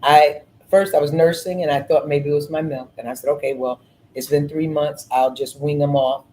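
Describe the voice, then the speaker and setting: A middle-aged woman hosting a podcast, telling stories in an earnest, animated way and repeating phrases. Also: low voice, normal speed, slight background noise, poor audio. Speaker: podcast host. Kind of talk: casual storytelling chat.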